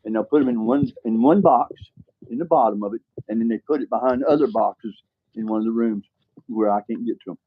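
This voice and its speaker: A man's voice: mid-range voice, a little fast, narrow, tinny audio, a little hiss or hum. An older man talks casually to the camera in a rambling, frustrated way, often tossing in "all right". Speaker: vlogger.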